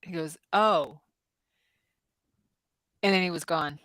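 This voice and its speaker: A woman's voice: lowish voice, fairly even intonation, normal speed, fairly bright tone, no echo, poor audio. A woman in her fifties hosting a casual livestream, telling stories with many ums and restarts. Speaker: psychic-medium host.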